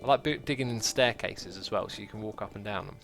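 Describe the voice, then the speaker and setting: Over music, a man with a fairly low, gravelly voice talks quickly while hosting a game livestream. He's chatty, reads viewer comments aloud, and makes jokes at his own expense.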